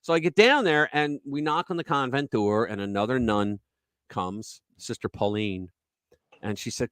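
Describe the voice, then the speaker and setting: A man's voice: mid-range voice, normal speed, fairly bright tone, clear, resonant tone, no echo. A middle-aged man hosting a casual talk show, rambling through stories and acting out the people in them. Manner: rambling storyteller, acts out quotes. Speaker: podcast host.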